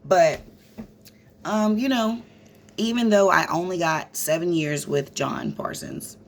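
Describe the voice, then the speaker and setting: Woman, low pitch; casual vlog storyteller, animated and profane; faint noise behind. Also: slow pace. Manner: animated, profane, talks straight to viewers as "y'all".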